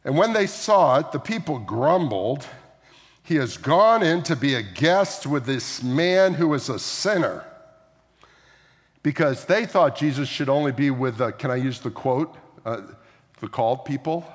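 A man's voice: medium pitch, expressive, a little slow. A man preaching a sermon as a pastor, talking through scripture in a conversational way, with frequent asides and questions to the listeners. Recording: long hall reverb.

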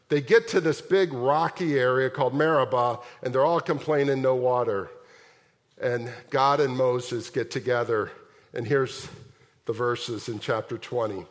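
A man preaching a sermon as pastor, telling the story in a lively way and asking his congregation question after question. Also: medium pitch. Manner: animated storytelling with rhetorical questions. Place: large church sanctuary. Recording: long hall reverb.

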